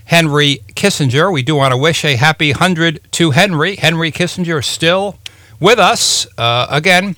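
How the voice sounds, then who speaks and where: A man's voice: on the high side, normal speed, bright, forceful tone, dry recording, studio quality. A man hosting a radio interview, talking casually with many fillers and restarts. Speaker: radio show host.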